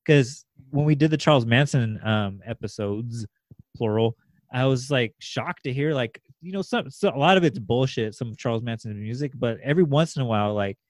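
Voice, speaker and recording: A man co-hosting a casual podcast, wandering through his points with constant filler words and loose swearing. His voice sits at an ordinary middle pitch. The sound is close and dry, with no room around it. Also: moderate pace, no echo. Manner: rambling, heavy filler words, swears freely. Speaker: podcast co-host.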